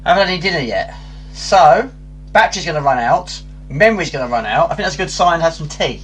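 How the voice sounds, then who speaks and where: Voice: mid-range voice, animated, fast talker, a little hiss or hum, rough recording. A vlogger talking casually to camera in a chatty, rambling, enthusiastic way. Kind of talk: casual vlog chat.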